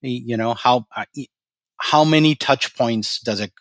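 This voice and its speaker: A man telling a story and answering questions as a podcast guest, relaxed and often repeating his words. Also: mid-range voice, normal speed, no echo. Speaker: podcast guest, storage company president. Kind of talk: casual interview talk and storytelling.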